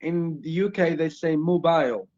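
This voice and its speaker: A man's voice: sits high, expressive, moderate pace, a little mellow. A man hosting a casual interview, asking questions eagerly and laughing a lot. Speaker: host. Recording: dull lo-fi audio.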